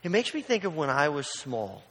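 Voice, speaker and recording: Brief: male pastor, slightly high voice, conversational sermon, acts out little scenes, long hall reverb. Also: big pitch swings, normal speed, fairly bright tone. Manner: storytelling with acted-out voices, conversational.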